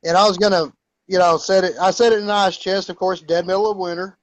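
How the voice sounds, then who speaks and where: A man tells a story in a relaxed, easygoing way as a guest in the chat. His voice is fairly high, and it sounds close and dry, with no room around it. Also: fast talker, no echo.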